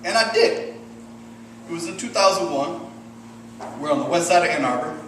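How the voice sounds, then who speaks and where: A man in his thirties from Michigan doing a stand-up set, deadpan and profane with self-deprecating asides. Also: on the high side, moderate pace, slight background noise. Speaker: stand-up comedian. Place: comedy club stage with audience. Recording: roomy distant club recording, loud ambience.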